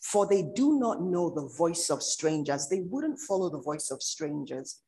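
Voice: mid-range voice, sing-song, unhurried, dark tone, low-quality recording. A preacher giving a sermon, repeating key phrases and asking the listeners rhetorical questions.

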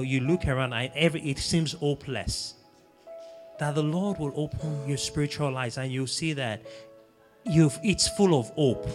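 Male preacher, mid-pitched, earnest and repetitive, faint music behind. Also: long reverb tail. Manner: earnest exhortation, repeating phrases, sings snatches of a hymn. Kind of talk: sermon.

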